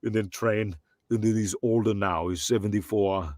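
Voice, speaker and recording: A man who works as a professional voice actor, answering interview questions in casual, animated, rambling explanations with frequent restarts. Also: on the low side, moderate pace, no echo, studio quality.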